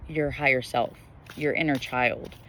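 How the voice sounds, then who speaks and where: A man's voice: medium pitch, steady tone, a little slow, bright, forceful tone, a little hiss or hum. A young man giving a casual collective tarot reading to camera, rambling with lots of fillers and spiritual musing. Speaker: tarot reader. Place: indoors, bright sky glowing behind them. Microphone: camera facing the speaker.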